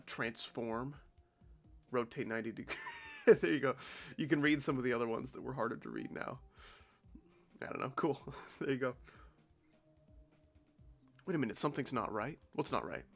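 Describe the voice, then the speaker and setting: A man's voice: mid-range voice, a bit bright. A young man streaming a game, congested and nasal-sounding, chatting in a rambling, offhand and jokey way. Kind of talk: casual live-stream chat.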